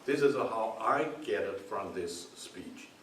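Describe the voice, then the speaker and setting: Slow-talking guy, plain halting phrasing, echoey meeting room. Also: fairly low pitch, expressive, a bit bright, far from the mic, a little hiss or hum. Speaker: club speaker. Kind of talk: impromptu club speech.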